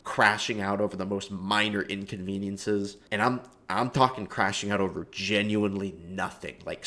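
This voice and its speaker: A man with a fairly low voice talks through a loose, comedic monologue. He swears freely and leans on casual fillers, wandering from point to point in an offhand way. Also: fairly bright tone. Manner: rambling and profane, heavy fillers. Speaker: video commentator.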